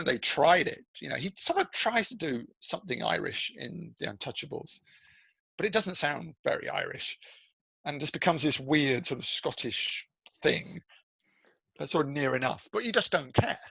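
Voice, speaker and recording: Male critic, bright and forceful tone, dry close sound, lively and digressive. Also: fairly high pitch, creaky, slightly rough, dry recording, low-quality recording. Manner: animated, digressive, many restarts. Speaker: film journalist and critic, guest. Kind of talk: podcast interview.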